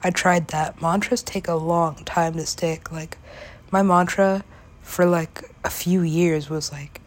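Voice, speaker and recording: Young woman, casual rambling vlog monologue; lowish voice, filler-heavy and profane, slips into whispers. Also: fairly even intonation, slow. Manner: casual, lots of "like" fillers, swears, laughs often; drops into whispers at times. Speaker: vlogger.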